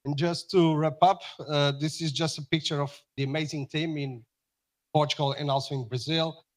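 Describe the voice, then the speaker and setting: Man giving an energetic startup pitch. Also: moderate pace.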